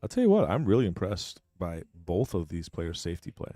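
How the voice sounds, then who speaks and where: A man with a very low voice commentates a pool match, walking through each shot and speaking his mind bluntly. The sound is dry and close. He is quick with an opinion. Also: big pitch swings, mellow, dry recording. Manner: blunt, opinionated, explains shots step by step. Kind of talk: live sports commentary.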